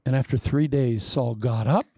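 A man preaching a sermon, blunt and teasing, swinging between sudden loud bursts and hushed, near-whispered asides. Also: medium pitch, normal speed, breathy edge, no echo, clean studio sound. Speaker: pastor.

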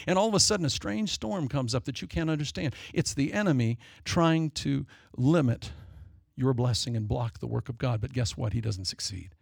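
A man preaching a sermon, dramatic and storytelling, acting out voices in quick asides. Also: medium pitch, creaky, dry recording, clean studio sound. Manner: dramatic, acts out demons and people in quick asides.

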